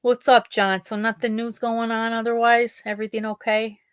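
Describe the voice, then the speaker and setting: A woman host with a fairly high voice chats loosely with her live listeners. She rambles through stories and drops into quoted dialogue as she goes. The sound is dry and close, with no room around it. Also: flat delivery, moderate pace, smooth, no echo. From Pennsylvania, USA. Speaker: podcast host. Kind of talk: casual chat with live listeners.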